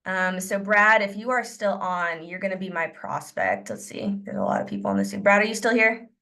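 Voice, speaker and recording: Energetic woman coaching a sales team. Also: mid-range voice, normal speed, vocal fry. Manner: energetic, coaching, acts out sample lines. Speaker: sales trainer. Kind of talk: sales training class on a video call.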